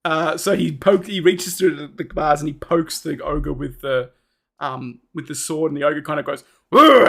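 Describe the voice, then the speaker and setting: Giggly, gravelly male game master. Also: a little high. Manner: giggly, animated narration. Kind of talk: narrating a tabletop game.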